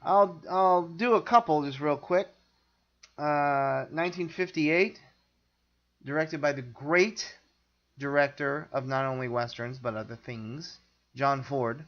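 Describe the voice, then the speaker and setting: A man's voice: on the high side, takes it slowly, muffled recording. A man hosting a film podcast, talking in a rambling, opinionated and jokey way. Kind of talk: casual chat.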